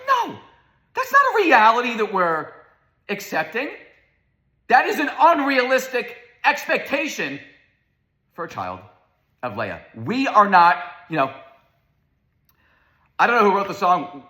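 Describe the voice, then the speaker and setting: Male Torah teacher, emphatic and questioning, fairly high and bright voice. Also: wildly swooping pitch, measured pace, pauses often. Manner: emphatic, rhetorical questions, repeats words. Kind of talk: lecture on Torah themes. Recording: roomy echo.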